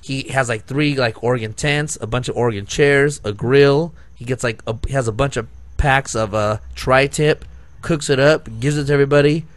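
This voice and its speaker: A man's voice: mid-range voice, normal speed, dry recording. A man co-hosting a podcast, telling a long story in casual chat, full of "like," restarts and laughter. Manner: rambling storyteller, heavy on "like" and restarts, laughing often. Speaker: podcast co-host.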